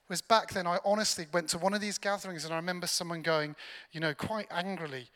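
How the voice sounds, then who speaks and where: High, bright-voiced preacher. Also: male voice, steady tone, fast talker. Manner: humorous, self-deprecating storytelling. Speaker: pastor. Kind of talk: sermon. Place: large church hall. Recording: long hall reverb from a church.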